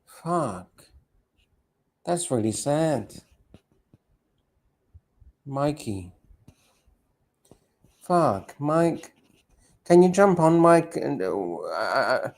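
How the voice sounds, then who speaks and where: A man's voice: fairly high pitch, big pitch swings, drawn-out words, pauses often, darkish tone. A man co-hosting a livestream who swears often and stumbles over his words, sounding emotional. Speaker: livestream co-host. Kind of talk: livestream chat.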